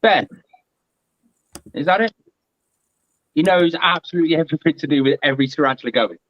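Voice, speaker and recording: A man's voice: fairly high pitch, a little fast, muffled recording, a little hiss or hum. A man chatting casually and animatedly on a live stream over a video call. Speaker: guest.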